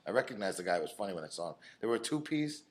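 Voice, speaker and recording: A man from Massachusetts co-hosting a podcast from a bar's back room, laid-back and quick with casual swearing. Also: on the low side, big pitch swings. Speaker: podcast co-host. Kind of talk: casual chat.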